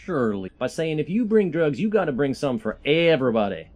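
A man's voice: fairly high pitch, very animated, fairly quick, darkish tone. A man voicing a folksy, rambling hillbilly preacher in a put-on Southern drawl. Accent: put-on generic American Southern. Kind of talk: comedic sermon parody.

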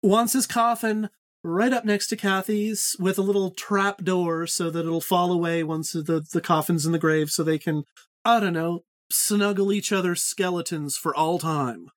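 A woman's voice: fairly low pitch, steady tone, normal speed. A woman hosting a podcast book quiz, playful, handing out points. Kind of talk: casual podcast chat.

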